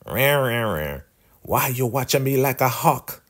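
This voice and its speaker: A man's voice: mid-range voice, sing-song, a little slow, a bit bright, voice pushed up. A man voicing a scheming elder woman cook who shoos people out of her kitchen. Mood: bossy.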